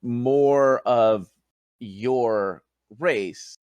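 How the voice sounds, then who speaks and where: A man voicing a confused young human noble training as a paladin, speaking in a halting, formal, courteous way. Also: medium pitch, a little mellow, dry recording. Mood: formal, dazed.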